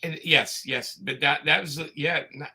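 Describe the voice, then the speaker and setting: A Brooklyn man talks over a video call in a high, bright voice. He's a chatty guest who tells stories and gives his opinions easily. The accent stays thick the whole way through, with quick asides between his points. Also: steady tone, slightly rough. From Brooklyn, New York. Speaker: guest comics creator. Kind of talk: casual live chat.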